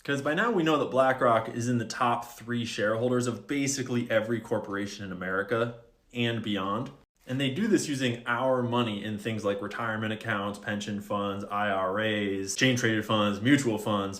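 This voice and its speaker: A man's voice: fairly low pitch, moderate pace, fairly bright tone. A man talking casually to camera, explaining things step by step with wry, sarcastic asides and open questions. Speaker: video creator.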